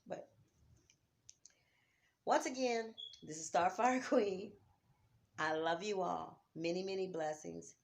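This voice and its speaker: Low-voiced heartfelt woman vlogger. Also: slow, gravelly, pauses often. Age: middle-aged. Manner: heartfelt, swings from soft near-whispers to loud urging. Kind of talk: emotional vlog talk. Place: home, on a couch.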